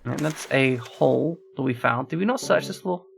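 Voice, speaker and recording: This is casual gameplay commentary from a man with a medium-pitched, creaky voice speaking at normal speed, with a little hiss or hum on the recording. While streaming a horror game, he reasons through a puzzle aloud and talks to the people watching.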